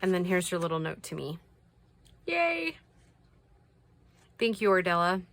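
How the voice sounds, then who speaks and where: In a casual chat, a fast-talking woman with a lowish, steady voice presents crafty subscriber mail, gushing softly over every piece. At times she lowers her voice to a whisper.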